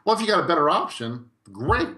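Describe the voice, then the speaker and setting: A middle-aged man, a guest in a podcast interview, telling his story in a lively way and acting out quoted dialogue. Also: fairly high pitch, brisk. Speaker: guest real estate investor.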